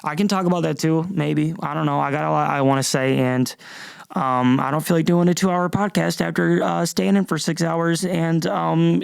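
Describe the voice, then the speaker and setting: Rambling, gravelly young man, dry close sound. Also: fairly high pitch, fairly even intonation, moderate pace, no echo. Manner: rambling, self-interrupting, profane. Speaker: podcast host. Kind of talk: casual rambling monologue. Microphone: camera and computer at a desk.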